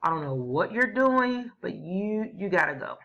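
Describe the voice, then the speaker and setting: A woman's voice: mid-range voice, big pitch swings, moderate pace, a bit bright. Woman doing a blunt bossy messenger. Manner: slangy, blunt. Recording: dull lo-fi recording.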